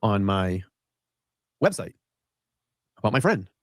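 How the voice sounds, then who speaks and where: A man's voice: fairly low pitch, very animated, slow pace, no echo, clean studio sound. A man hosting a show, telling a long rambling story in casual chat and acting out what people said. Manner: rambling, acts out quoted lines. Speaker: host. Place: studio.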